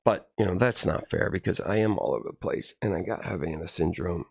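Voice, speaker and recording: A man delivering a rambling, profane monologue to camera, swinging between low muttering and heated outbursts. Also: fast, vocal fry, breathy edge. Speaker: video host.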